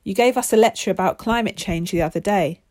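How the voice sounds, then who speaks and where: A woman's voice: medium pitch, fast talker, a little mellow, lightly acted. A woman voicing a sleepy, offhand young girl in a children's story. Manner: yawning, offhand.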